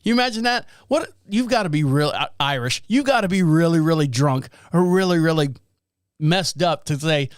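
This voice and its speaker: Male podcast host, high smooth voice, dry close sound, sarcastic rambling news riffs. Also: lively intonation, normal speed, no room sound. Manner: sarcastic, rambling, laughs at own jokes. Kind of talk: casual news commentary.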